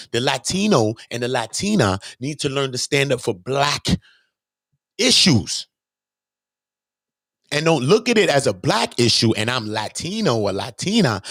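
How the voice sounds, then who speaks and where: A man vlogging in an animated, emphatic way, full of rhetorical questions and street slang, his voice rising loud and high, then dropping low and quiet. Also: no room sound, studio quality. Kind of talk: casual talking-head commentary.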